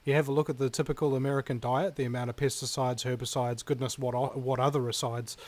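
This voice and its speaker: A man hosting a radio talk show, talking in a rambling, animated way with many fillers. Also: mid-range voice, fast talker. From New Zealand. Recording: radio broadcast.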